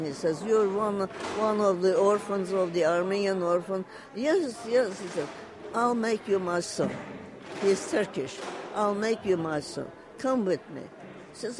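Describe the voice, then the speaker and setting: A person slowly recounting a family story in an oral history interview, halting, repeating phrases and passing on quoted words. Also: mid-range voice, noisy background.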